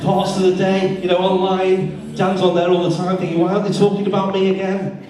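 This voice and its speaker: A man's voice: high-pitched, little pitch movement, fairly quick. A man co-hosting an awards night, chatty and jokey, laughing along as he introduces the next award. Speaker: awards co-host. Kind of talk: stage banter at an awards night. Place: large event hall, on stage. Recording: very echoey hall, distant mic, crowd.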